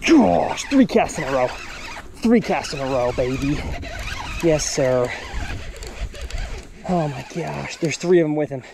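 A man, hosting a fishing vlog from a boat outdoors, excitedly exclaiming and talking to the fish as he catches them. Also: fairly high pitch, unhurried, creaky, pauses often, background noise. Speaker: fishing channel host.

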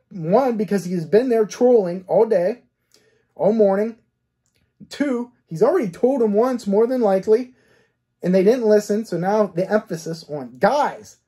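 A man's voice: high voice, mellow, husky. A man, a cold case detective, talking through a case step by step, asking himself rhetorical questions and checking in with "okay?". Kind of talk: case analysis commentary.

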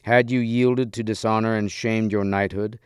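A towering green-faced knight with a booming, commanding voice, as a man reading a storybook aloud puts him on. The tone sits low and resonant, clean and close with no room around it. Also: steady tone, moderate pace, clean tone, dry recording, lightly acted. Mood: solemn, gentle. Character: huge fierce green-faced knight with a mighty voice.

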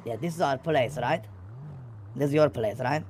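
A man's voice: mid-range voice, moderate pace, a little mellow, slight background noise. A man talking in character during role-play, rambling, swearing often and laughing at his own stories. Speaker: role-play gang member.

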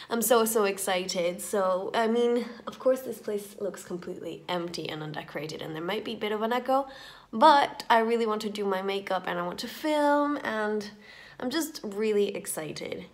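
Chatty young woman vlogging in an echoey flat. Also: mid-range voice. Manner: chatty, excitable, filler-heavy with frequent laughs. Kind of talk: casual vlog talk to camera. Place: empty echoey flat indoors.

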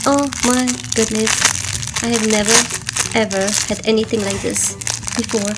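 A woman's voice: on the high side, steady tone, normal speed, background noise. A woman hosting an unboxing vlog, a little sick and slightly out of breath, giggling and gushing over each item as she draws out repeated words. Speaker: host.

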